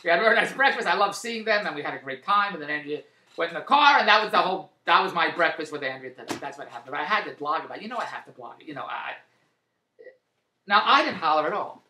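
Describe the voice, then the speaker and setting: A man rattling off a comic rant at top speed, his voice bright and sharp. He jumps from mutters to loud outbursts, and his voice bounces around an echoey room. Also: fairly high pitch, fast talker, slight background noise. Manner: excitable, swings to loud exclamations. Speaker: vlogger and TV marketer. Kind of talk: rambling comic monologue.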